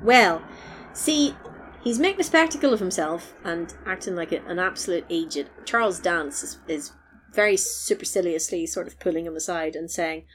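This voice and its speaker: A woman, retelling a film in casual chat, animated and quick to laugh. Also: on the low side, a little hiss or hum. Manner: animated storytelling, laughs often. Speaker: podcast host recapping a film.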